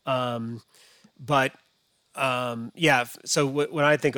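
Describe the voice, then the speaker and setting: A man's voice: mid-range voice, steady tone, slow, pauses often, sharp tone, dry recording. Hesitant man talking fantasy baseball. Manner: hesitant, many ums and restarts. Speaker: podcast guest, fantasy baseball analyst. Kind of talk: casual podcast conversation.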